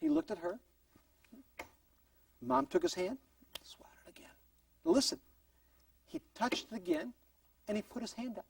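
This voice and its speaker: A man's voice: very high voice, animated, measured pace, gravelly, long pauses, breathy edge, no room sound, distant mic. A man teaching a parenting class in an earnest tone, acting out short exchanges between parents and children. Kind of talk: recorded parenting class lecture.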